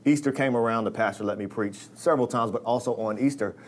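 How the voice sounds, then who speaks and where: A man, a pastor, talking in a relaxed, grateful way in a podcast conversation. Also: mid-range voice, quick pace, slight background noise. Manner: grateful, conversational, easy laughs. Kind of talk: podcast discussion among pastors.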